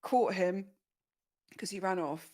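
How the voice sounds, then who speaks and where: A woman's voice: mid-range voice, darkish tone. A woman co-hosting a live podcast chat, talking casually and jumping in with reactions. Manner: conversational, quick to chime in. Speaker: podcast co-host.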